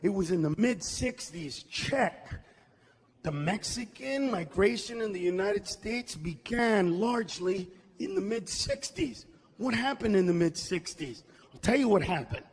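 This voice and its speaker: A man performing a loud stand-up comedy routine, shouting punchlines and acting out characters. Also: high voice, very animated, unhurried. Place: comedy stage.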